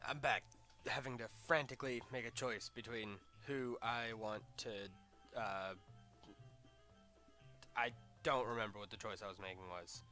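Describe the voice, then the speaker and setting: A man's voice: mid-range voice, fairly even intonation, unhurried, pauses often, sharp tone, soft background music. A congested young man hosting a gaming channel, reading a visual novel aloud with playful, joking asides.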